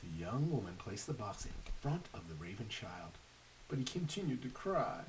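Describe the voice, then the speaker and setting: A man's voice: lowish voice, moderate pace. A man reading a picture book aloud to children, stopping to ask his listeners questions. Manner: animated, asks the listeners questions. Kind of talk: read-aloud storytelling. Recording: faint hiss, a little distant from mic.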